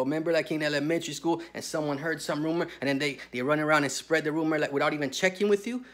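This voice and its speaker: A man's voice: fairly high pitch, quick pace, sharp tone. A man ranting through a crude, heated story and tossing in "bro" constantly. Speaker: vlogger telling a prison story. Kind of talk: profane storytelling rant.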